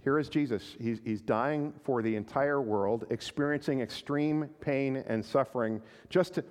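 A man preaching a sermon as a pastor, earnest and halting, often repeating his words as he goes. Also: medium pitch, darkish tone, in a large hall. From Canada.

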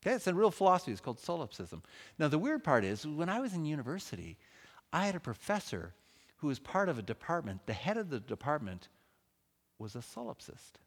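Man, church event speaker, humorous talk on faith, very expressive intonation, long hall reverb. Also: on the high side, fairly quick. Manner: animated, joking, conversational.

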